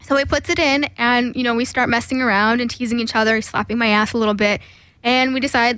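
A woman's voice: fairly high pitch, steady tone, fast talker, fairly bright tone, clear, resonant tone, no echo. A young woman telling a candid personal story on a podcast, frank and laughing often, with plenty of fillers.

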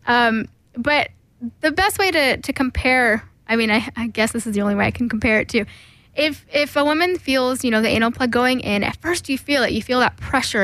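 A woman's voice: a little high, fairly bright tone, no room sound. A young woman telling a candid personal story on a podcast, frank and laughing often, with plenty of fillers.

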